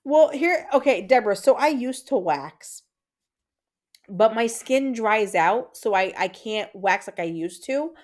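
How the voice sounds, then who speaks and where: A Puerto Rican woman in her thirties hosts a casual livestream, chatting with viewers and reading their comments aloud as she rambles, repeating herself and using lots of fillers. Her fairly high, darkish voice is expressive and unhurried.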